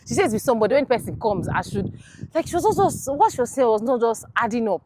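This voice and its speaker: A young woman telling a story in an animated, expressive way, her pitch rising and falling freely. A faint noise sits under the recording. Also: quick pace. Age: young adult. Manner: animated, swings between heated and apologetic. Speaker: platoon executive, interviewee. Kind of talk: casual storytelling.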